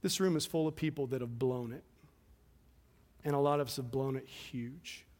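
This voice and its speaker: A man preaching a sermon as pastor, with passionate delivery that swings between loud emphasis and quiet, hushed moments. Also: medium pitch, moderate pace. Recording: long hall reverb.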